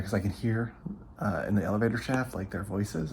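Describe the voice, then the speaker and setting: A man's voice: on the low side, fast talker, a little mellow, slight background noise. A man vlogging, casually telling a story to the camera and acting out what people said. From California. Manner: chatty, retells events with quoted asides. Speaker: travel vlogger.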